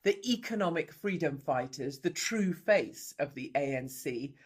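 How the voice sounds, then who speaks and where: Slow, grave woman narrator. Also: low voice, lively intonation, slightly rough. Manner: grave, emphatic, measured delivery. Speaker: reporter. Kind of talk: scripted documentary narration.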